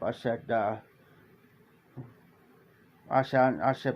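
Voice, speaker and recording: A man's voice: medium pitch, steady tone, normal speed, pauses often, highs cut off. Rambling man telling a story. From Ohio. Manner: rambling, repeats "I said" often. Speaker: live stream host. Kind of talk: casual storytelling.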